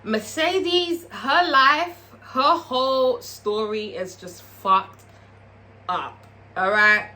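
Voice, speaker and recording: A woman chats through a TV episode recap in a loose, profane, animated way, addressing her viewers directly. Her voice is bright and crisp. It sits a little higher than most women's voices. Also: extremely slow. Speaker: TV review vlogger.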